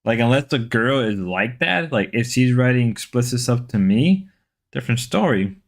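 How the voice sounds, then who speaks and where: A man hosts a relaxed livestream from home, reading viewer comments aloud. He rambles and repeats words as he goes. His voice sits at an ordinary middle pitch. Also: moderate pace. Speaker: livestream host.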